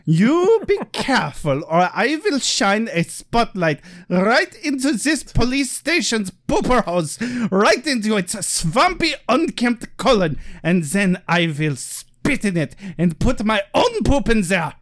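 A podcast host puts on a smug male lawyer with a thick German accent, drawling every veiled threat slowly. The voice swoops widely up and down and dwells on each ominous word. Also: medium pitch, big pitch swings, dry recording, studio quality, pitched above the performer's own voice. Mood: ranting. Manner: slow insinuating drawl, then shouting.

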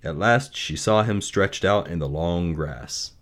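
A man reading a fairy tale aloud and then reflecting on its lessons, in a measured, gentle way. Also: low voice. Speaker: storyteller.

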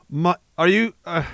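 A man's voice: high voice, fairly bright tone, no echo. A man ranting angrily and sarcastically, swearing as he reacts to clips. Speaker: online commentator. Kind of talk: profane reaction rant.

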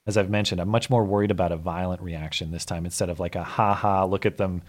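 A man co-hosting a podcast, reading viewer comments in casual chat, often halting and restarting mid-sentence. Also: deep voice, fairly even intonation. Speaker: podcast co-host.

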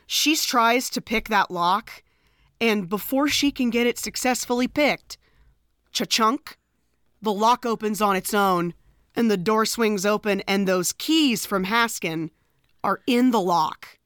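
A woman co-hosting a podcast, narrating a film's plot in casual chat with quick affirmations. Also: mid-range voice, a bit bright, dry recording, clean studio sound. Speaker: podcast co-host. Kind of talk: casual film recap chat.

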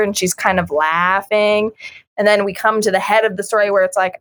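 A woman's voice: mid-range voice, level tone, moderate pace, no echo. A woman co-hosting a casual chat about a comic, frank and giggly, acting out lines as she goes. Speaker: podcast co-host.

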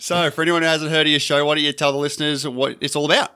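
A man's voice: fairly high pitch, fairly even intonation, racing, pushed and bright, clear, resonant tone. A man hosting a movie podcast, talking in a jokey, upbeat way. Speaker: podcast host. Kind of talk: casual chat.

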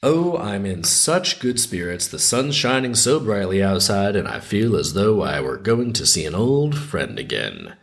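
A man's voice: lowish voice, sing-song, measured pace, gravelly, hardly any pauses, full character voice. A man voicing a carefree, oblivious father who speaks cheerfully.

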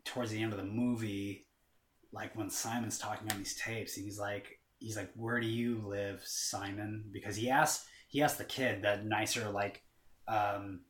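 A man chatting casually with a lowish voice, rambling through his story with plenty of fillers and easy swearing. He sounds like he is in a roomy, echoey space. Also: fairly even intonation, normal speed, fairly bright tone, a little hiss or hum. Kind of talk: casual chat. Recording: roomy echo.

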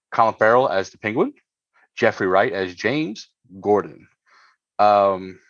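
Here a man with a lowish, somewhat bright voice co-hosts a podcast, recorded dry with dull-sounding audio. His talk is loose and meandering, peppered with fillers and restarts.

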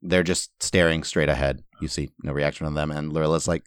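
A man with a very low voice guides players through a tabletop game as its game master. He sets scenes in a measured, descriptive way. The sound is dry and close. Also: steady tone, clear, resonant tone, no room sound. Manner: descriptive, unhurried scene-setting.

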